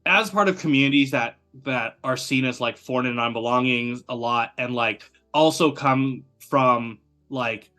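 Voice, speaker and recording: A man's voice: mid-range voice, soft background music. A young adult man from the United States, a guest talking animatedly in a casual chat, with lots of fillers. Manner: animated, quick and chatty, many fillers.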